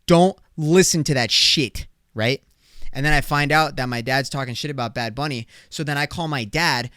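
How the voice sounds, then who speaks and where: A man's voice: mid-range voice, a little fast, smooth, no room sound, clean studio sound. A man hosting his own podcast, chatting casually and reacting to clips, cursing a lot and acting out exaggerated imagined conversations. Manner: animated, swearing, acts out exaggerated imagined dialogue. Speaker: podcast host.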